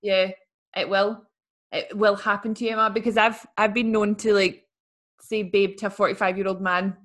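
A woman's voice: mid-range voice, little pitch movement, normal speed, fairly bright tone. A young woman, co-hosting a casual podcast, opinionated and playful. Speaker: podcast co-host. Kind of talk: casual chat.

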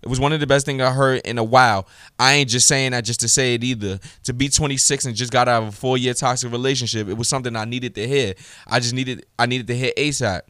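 A man's voice: mid-range voice, fairly even intonation, fast talker, a bit bright, smooth, no echo, clean studio sound. A young man hosting his own podcast alone, ranting in a profane, heated, swaggering way. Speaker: podcast host. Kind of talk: solo podcast rant.

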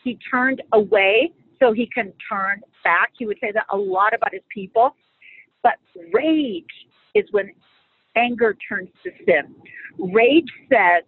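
A middle-aged woman speaking as a guest on marriage and faith, teaching in a conversational, animated and humorous way. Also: mid-range voice, a little slow, husky. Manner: animated and humorous, acts out quoted lines. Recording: phone-like dry audio.

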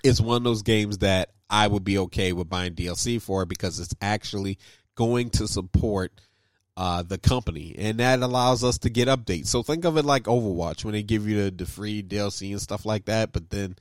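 A man co-hosting a casual gaming podcast, animated and laughing often, his voice jumping high when excited. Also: normal speed, no echo. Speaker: podcast co-host.

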